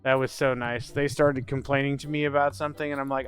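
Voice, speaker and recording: Male gameplay host, casual sarcastic ranter who swears freely, average pitch, music bed underneath. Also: little pitch movement, a little fast, few pauses. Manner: profane, sarcastic, ranting. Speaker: let's play host. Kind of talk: casual gameplay commentary with ranting stories.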